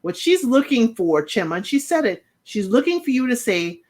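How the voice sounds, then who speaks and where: A woman's voice: medium pitch, very animated, a little fast, few pauses, a little mellow. Woman doing a chatty tv recap, voice bounces all over, calls people out directly. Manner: retells scenes and talks straight to the cast. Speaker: reality TV recap host. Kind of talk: casual commentary recap.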